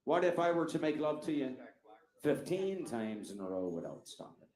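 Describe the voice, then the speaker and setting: Cocky farm kid, kinda low and wry, guy voicing him, echoey. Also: very animated, moderate pace, a little mellow. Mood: scheming. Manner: wry and scheming. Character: cocky young farm boy.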